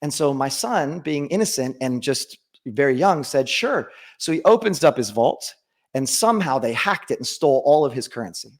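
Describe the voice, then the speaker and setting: A man's voice: mid-range voice, lively intonation, moderate pace. A middle-aged man giving a conference talk with a personal story, earnest and full of restarts and fillers, into a stage microphone. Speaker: conference speaker.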